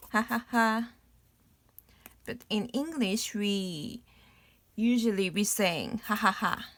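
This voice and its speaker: A woman's voice: medium pitch, no echo. A young woman from South Korea with a Korean accent, patiently explaining a beginner language lesson and sounding out playful laughing words. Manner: slow, patient explaining with sing-song demonstrations of laughter sounds.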